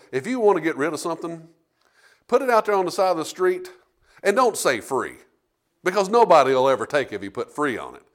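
A middle-aged man preaching as a pastor, telling stories and asking the congregation for amens. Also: high voice. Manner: lively preaching with call-and-response amens. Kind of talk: sermon with storytelling.

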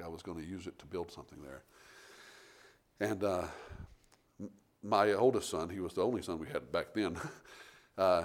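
A middle-aged man preaching a sermon, telling homey stories and building to forceful emphasis. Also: sits low. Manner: folksy storytelling preacher, rising to forceful emphasis. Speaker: pastor.

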